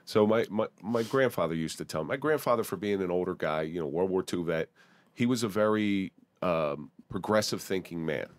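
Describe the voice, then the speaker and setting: A man's voice: deep voice, expressive, a little fast, no room sound. A man from the Atlantic City area hosting a podcast, asking direct, probing questions and adding personal asides. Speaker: podcast host. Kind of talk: interview questions, casual talk.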